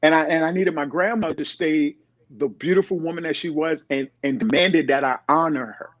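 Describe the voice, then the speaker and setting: A man's voice: a little high, a little fast, no room sound. A middle-aged man, a podcast guest, telling stories in casual talk and acting out the voices of the people in them. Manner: animated, acts out quoted voices. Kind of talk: casual storytelling. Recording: dull, dry sound.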